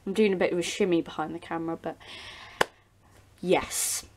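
A woman's voice: on the low side, fairly even intonation, moderate pace, noisy background. Teen girl, casual vlog chat, rambling, lots of ums. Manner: chatty, rambling, many ums and restarts. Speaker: doll channel vlogger. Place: home, behind the camera.

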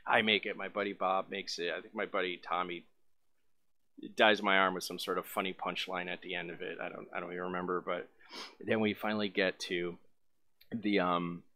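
Low-voiced man rambling through a story. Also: little pitch movement, normal speed, bright, forceful tone. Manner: rambling, full of fillers. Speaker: vlogger. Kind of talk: casual storytelling.

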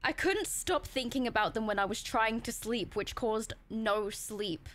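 A woman's voice: on the high side, a little slow, a bit bright. A woman live-streaming a horror game on a headset, joking, sarcastic and swearing freely as she chats with viewers. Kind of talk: casual live-stream commentary.

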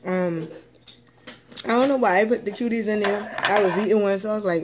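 A woman's voice: medium pitch, fairly quick, a little hiss or hum. A woman chatting casually in an eating vlog, drawling and chatty with lots of ums, as dishes and cutlery clink behind her. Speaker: food vlogger. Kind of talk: casual mukbang eating chat.

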